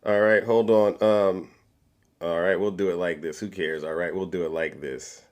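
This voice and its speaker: A man's voice: deep voice, steady tone, normal speed, a little mellow. A man hosting a political commentary livestream, boastful and showy, with catchphrases. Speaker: livestream host.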